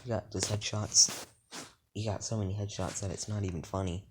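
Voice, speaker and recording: A man's voice: on the low side, steady tone, brisk. A young man improvising a fan story while gaming, rambling with many fillers and restarts over a noisy home mic with mouse clicks.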